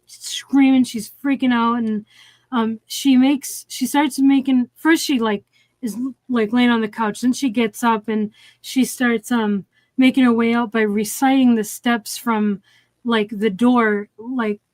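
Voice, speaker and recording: Female co-host, slightly high voice, rambling plot recap, dry close mic sound. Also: darkish tone, dry recording. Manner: rambling, lots of "like" and "um", restarts. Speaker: co-host of a movie review stream. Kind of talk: casual chat retelling a film plot.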